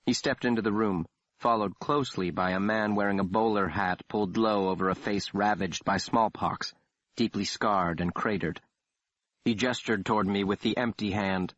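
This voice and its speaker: A man reading a horror audiobook in a measured, dramatic way. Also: lowish voice, steady tone, fairly bright tone. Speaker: audiobook narrator. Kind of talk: scripted narration. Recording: dull, dry studio read.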